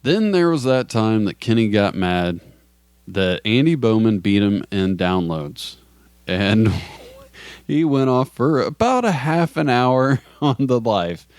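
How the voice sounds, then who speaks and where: A man's voice: mid-range voice, sing-song, takes it slowly, a little mellow, smooth, no echo. A man hosting a podcast, introducing clips in a laid-back way. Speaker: podcast host.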